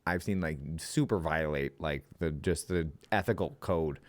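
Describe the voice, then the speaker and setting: A man's voice: a bass voice, moderate pace, no room sound. A young man co-hosting a podcast, chatting casually in a rambling, profane way and laughing often. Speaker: podcast co-host. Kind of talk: casual chat.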